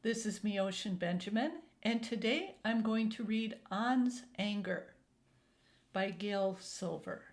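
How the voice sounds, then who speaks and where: A woman hosts a children's storytime and reads a picture book aloud. Her pace is slow and deliberate, her pitch sits in the middle range. The manner is gentle and clear throughout. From Minnesota, USA. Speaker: youth storytime reader.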